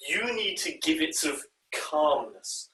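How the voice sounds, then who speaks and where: A man directing an online choir rehearsal, often pausing with ums and uhs and singing short bits of the music to show how a phrase should go. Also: a little high, big pitch swings, sharp tone. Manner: demonstrates phrases by singing and speaking them; hesitant, with frequent ums and uhs. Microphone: video call. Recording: echoey room, far from the mic.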